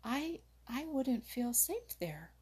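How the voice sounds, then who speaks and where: A woman's voice: mid-range voice, unhurried, a little mellow. A woman reading a storybook voices Jumper, a timid and shy male hare who answers hesitantly. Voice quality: husky.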